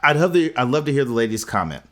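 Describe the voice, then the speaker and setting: Male co-host, medium-pitched voice, opinionated, deliberate, casual chat. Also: sing-song, a bit bright. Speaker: podcast co-host.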